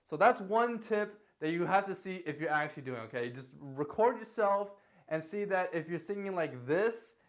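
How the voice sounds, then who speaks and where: A young man giving a casual singing lesson, talking in a chatty way and often checking in with a quick "okay?". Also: high-pitched, lively intonation. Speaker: singing teacher.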